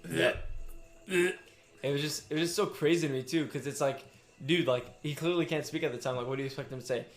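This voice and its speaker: A man casually chatting as a stream host about a manga chapter, animated and filler-heavy, acting out quotes. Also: fairly high pitch, a little fast.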